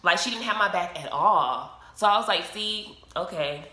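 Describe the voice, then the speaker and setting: Animated woman telling a story, roomy echo. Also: mid-range voice, a little fast. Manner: animated, emotional, acts out quoted dialogue. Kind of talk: casual storytime monologue.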